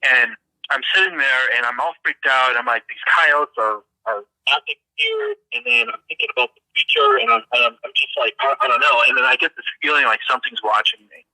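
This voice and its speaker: Earnest man with a bright, sharp voice. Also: mid-range voice, animated, dry recording, low-quality recording. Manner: earnest, halting, repeats words as he goes. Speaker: witness recounting an encounter. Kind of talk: casual first-person storytelling.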